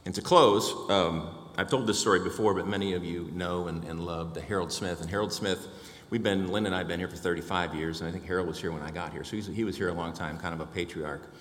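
Deep-voiced older man telling his story. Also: fairly even intonation, fast, a bit bright, echoey room, in a large hall. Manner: storytelling, acting out dialogue. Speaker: church member giving testimony. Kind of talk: personal testimony before a congregation.

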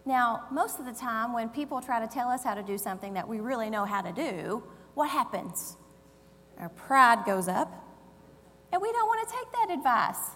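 A woman's voice: on the high side, expressive, normal speed, fairly bright tone. A woman preaching a conversational sermon in a church, telling the story with acted-out voices. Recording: long hall reverb, faint hum.

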